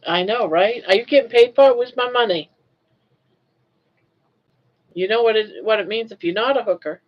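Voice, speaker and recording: An older woman hosting a casual live chat, chatty and unhurried, who coos at her pet in a doting voice. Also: fairly high pitch, lo-fi sound. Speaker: livestream host.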